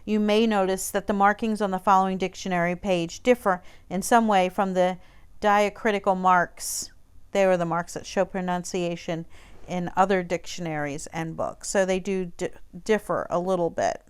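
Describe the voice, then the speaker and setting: Woman teacher, clear smooth voice, easygoing recorded lesson, chatty explaining. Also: lowish voice, normal speed. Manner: relaxed, conversational explaining with frequent fillers. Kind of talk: recorded online lesson walking through a textbook page.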